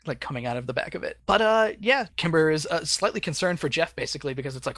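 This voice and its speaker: A man's voice: a little high, fast talker, few pauses, fairly bright tone, no echo. A man co-hosting a podcast, recapping a cartoon episode in a rambling, laid-back way with frequent fillers and laughs. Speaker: podcast co-host.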